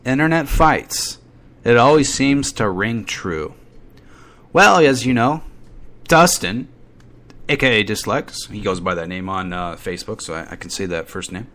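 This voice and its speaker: A man's voice: medium pitch, fairly bright tone. A man hosting an internet radio show from home, rambling through a casual, irreverent, gossipy monologue with mock-dramatic asides. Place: at home during a thunderstorm.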